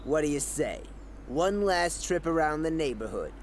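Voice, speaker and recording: A man voices a sneering young skater rival in a game cutscene, high-pitched and swinging wildly up and down as he mocks. A faint hiss sits under the voice. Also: lively intonation, normal speed, close to an everyday voice. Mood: taunting. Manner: sneering, mocking. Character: smug young male skater rival, taunting. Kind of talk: video game cutscene acting.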